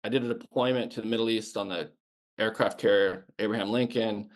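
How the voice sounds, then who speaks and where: A man's voice: lowish voice, steady tone, brisk. A man in his fifties from the United States, a former Navy sniper and podcast guest, telling his story in a blunt, casual way that is full of restarts and swearing.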